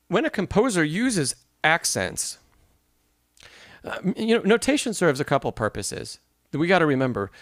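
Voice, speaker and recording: A man's voice: a little high, dry recording. Dry-sounding male piano teacher. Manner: explanatory, reads and answers chat, sings rhythms. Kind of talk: live-streamed masterclass.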